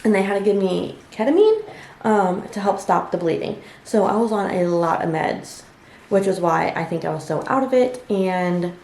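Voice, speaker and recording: A woman's voice: mid-range voice, animated, normal speed, a little mellow. A young woman vlogger telling a personal story in a conversational way, with many fillers and quoted asides. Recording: echoey room with faint ambient noise.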